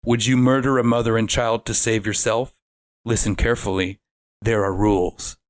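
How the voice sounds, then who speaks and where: A man voicing a cold, measured male killer speaking on a tape recording, slow and menacing. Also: lowish voice, little pitch movement, no room sound, close to an everyday voice.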